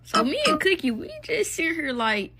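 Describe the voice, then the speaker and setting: A woman's voice: high voice, very animated, moderate pace, music in the background. A young woman telling a casual story-time in a blunt, profane, gossipy way.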